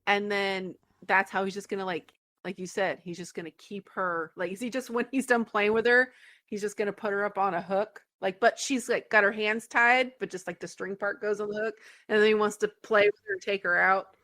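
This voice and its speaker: A woman's voice: medium pitch, fairly even intonation, a little fast, a bit bright. A woman co-hosting a podcast in casual chat, adding chatty asides. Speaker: podcast co-host.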